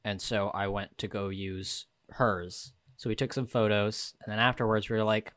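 A man's voice: lowish voice, fairly even intonation, moderate pace, hardly any pauses, fairly bright tone, dry recording. A young man co-hosting a podcast in casual banter, with frequent restarts and fillers. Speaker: podcast co-host.

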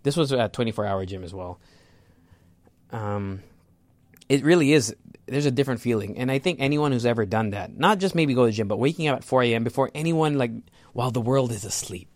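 A man's voice: mid-range voice, expressive, brisk, no room sound, clean studio sound. A man rambling casually and jokingly through an article, correcting himself often and swearing freely. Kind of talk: casual solo chat reacting to an article.

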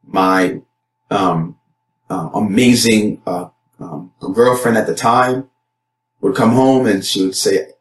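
Speaking slowly in an echoey room, a young youth pastor shares his personal testimony earnestly. He repeats words and leans on fillers, and his pitch leaps up whenever he performs his own quoted lines.

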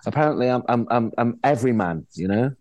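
A middle-aged man tells stories in a loose, lively way. He keeps restarting his sentences and slips into the voices of the people he's describing. His voice sits at a medium pitch and is recorded dry and close. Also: fast, no room sound. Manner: animated storyteller, acts out quoted voices, frequent restarts. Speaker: actor guest. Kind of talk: casual anecdotal chat.

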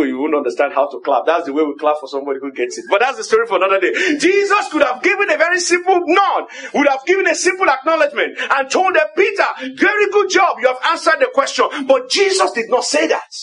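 A man with a Nigerian accent preaching a sermon, firing repeated rhetorical questions and rising to emphatic shouts on key phrases. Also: very high-pitched, lively intonation, fast talker.

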